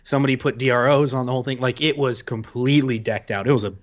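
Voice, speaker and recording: A man's voice: medium pitch, steady tone, quick pace, lo-fi sound. A man co-hosting a casual podcast, chatty and eager when describing machine tools. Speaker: podcast co-host.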